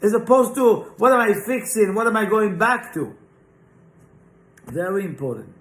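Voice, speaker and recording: A Kabbalah teacher leads an informal spiritual class held live and online in a classroom, speaking emphatically and often checking in with "right?" and rhetorical questions. His high-pitched voice has big pitch swings, a moderate pace and a fairly bright tone. The room is roomy and echoey.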